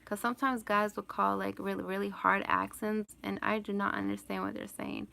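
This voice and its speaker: A woman's voice: mid-range voice, expressive, normal speed, creaky, sharp tone. A woman vlogger chatting casually on a live stream and answering viewer questions, rambling and laughing often. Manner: rambling, laughs often, lots of "like" and "you know".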